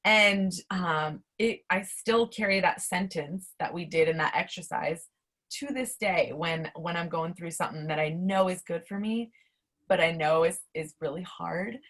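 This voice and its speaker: A young adult woman speaking as a guest in a casual interview, lively and full of fillers and restarts. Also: fairly low pitch, measured pace. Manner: animated, many fillers and restarts. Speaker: interview guest, academic life coach.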